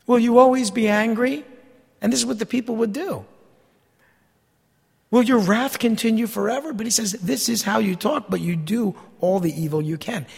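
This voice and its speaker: Raspy, gravelly preacher in a hall. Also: male voice, on the high side. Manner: preaching with call-and-response "Amen?" and scripture readings. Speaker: pastor. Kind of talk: sermon.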